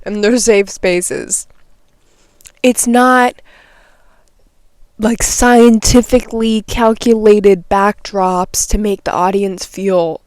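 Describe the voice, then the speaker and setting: A woman's voice: mid-range voice, a little mellow, clean tone, no echo. Heated, swearing young woman vlogger. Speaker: vlogger and artist. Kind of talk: unscripted morning vlog rant. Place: small nook at home.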